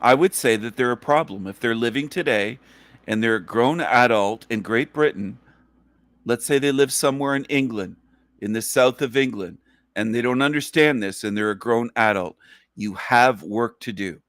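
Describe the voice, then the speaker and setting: A man's voice: mid-range voice, moderate pace, fairly bright tone, dry recording, clean studio sound. A man hosting a livestream who speaks in an emphatic, profane, repetitive rant. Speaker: livestream host.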